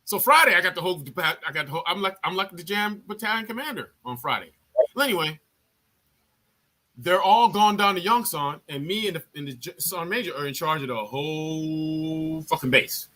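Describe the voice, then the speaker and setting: A man's voice: on the high side, a little fast. A man, an army veteran, telling a story in a casual live chat. He swears freely and acts out what others said. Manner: profane, animated, acts out other people's lines.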